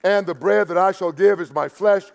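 A man preaching a sermon to a church and online audience. He talks conversationally, stammers and repeats himself, and swings from loud emphasis to quiet asides. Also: sits high, normal speed, vocal fry, soft background music. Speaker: pastor. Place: church sanctuary. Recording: long hall reverb.

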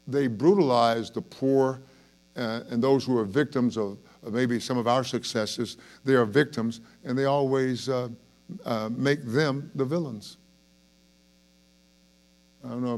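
A pastor with a mid-range, slightly mellow voice preaches an evening Bible study sermon. He is earnest and emphatic, using rhetorical questions and often restarting his sentences.

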